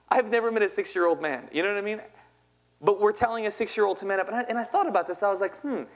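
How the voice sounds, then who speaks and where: A man in his thirties tells a personal story to a live audience in a fairly high voice. He is playful and chatty, and keeps asking the crowd questions. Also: quick pace. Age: 30s. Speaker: poet and speaker. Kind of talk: spoken-word storytelling talk.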